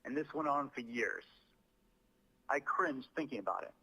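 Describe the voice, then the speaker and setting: Guy reading his apology off a script, bright tone, overstresses words like hes acting. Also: mid-range voice, husky, low-quality recording. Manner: deliberate, stresses words as if acting. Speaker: comedian making an apology video.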